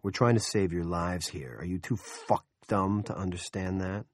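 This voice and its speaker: A man's voice: low-pitched, steady tone, normal speed, dry recording, studio quality. A man voicing a cocky, crude young male deputy in an audiobook, sarcastic and exasperated. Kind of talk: audiobook character voice.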